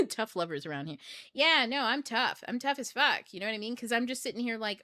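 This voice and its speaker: A woman's voice: on the low side, lively intonation, fast talker, bright, forceful tone, no room sound. A middle-aged woman hosting a book club talk, speaking bluntly and casually, swearing freely and laughing often.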